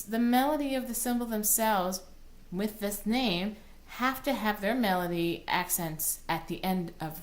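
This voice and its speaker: A woman cantor teaching Torah cantillation, explaining plainly and breaking into short sung chant phrases. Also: medium pitch. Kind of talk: recorded online lesson.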